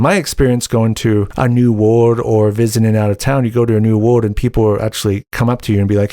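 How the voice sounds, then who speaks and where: A man's voice: fairly low pitch, steady tone, brisk, hardly any pauses, warm tone, dry recording, clean studio sound. A young man hosting a podcast, telling a personal story in a heated, indignant way. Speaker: podcast host. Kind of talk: casual storytelling monologue.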